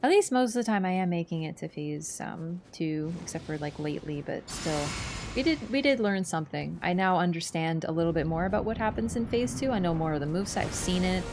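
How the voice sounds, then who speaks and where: A woman streamer with a fairly low, darkish voice talks animatedly and a little fast while she plays, chatting, ranting, and swearing freely. Game music runs beneath her commentary.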